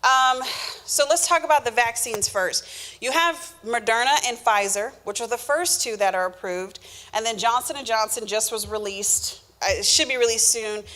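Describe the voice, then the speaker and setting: Woman, higher pitch, health educator, informal Q&A, patient step-by-step explaining. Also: fairly bright tone. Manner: explanatory, many fillers and restarts, acts out the body talking. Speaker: health educator answering questions.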